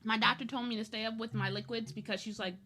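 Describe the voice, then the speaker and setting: A woman's voice: on the high side, fairly even intonation, quick pace, bright, forceful tone. A young adult woman chatting casually on her art livestream, laughing often with nervous, giggly energy. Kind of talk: casual chat while drawing.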